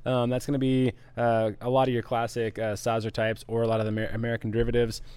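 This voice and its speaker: A man's voice: medium pitch, monotone, quick pace, a little mellow, clean tone, no room sound. A man co-hosting a live homebrewing stream, explaining in an easygoing way and reading out viewer comments. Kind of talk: casual live-stream chat.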